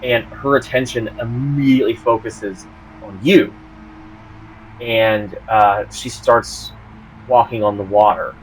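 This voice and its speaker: A man's voice: on the low side, steady tone, slow, slight background noise, rough recording. A man narrating as game master of a tabletop game, hesitant, with lots of ums and restarts.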